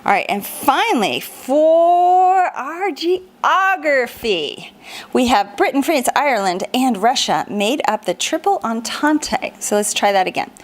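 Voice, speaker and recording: A woman's voice: a little high, very animated, normal speed, few pauses. A woman teacher walking children through a homeschool lesson, asking them questions and chanting memory rhymes in a sing-song. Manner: encouraging, asks children questions.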